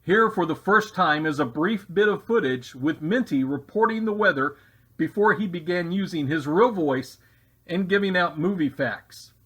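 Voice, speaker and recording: A man narrating a mock-serious comedy exposé with deadpan delivery and rambling asides. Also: sits high, normal speed, slightly rough.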